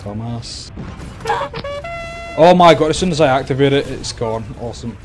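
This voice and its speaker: A young man doing loud, sweary gameplay commentary as a gaming YouTuber, shouting catchphrases. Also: medium pitch, animated, normal speed, music in the background.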